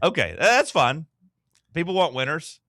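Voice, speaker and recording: A man's voice: a little high, big pitch swings, normal speed, bright, forceful tone, no room sound, clean studio sound. A man hosting a casual sports talk show, loose and chatty with lots of filler words.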